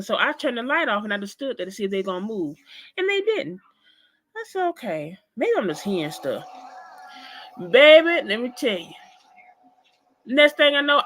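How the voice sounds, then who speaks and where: Woman, higher voice, interview guest, personal storytelling, animated, emphatic, speaks to listeners directly.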